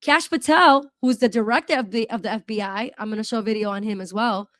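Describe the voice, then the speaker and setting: A woman's voice: a little high, fast talker, fairly bright tone, no room sound. A woman hosting a reaction video, talking casually in a worked-up, rambling way with frequent restarts and apologies. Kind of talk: casual commentary.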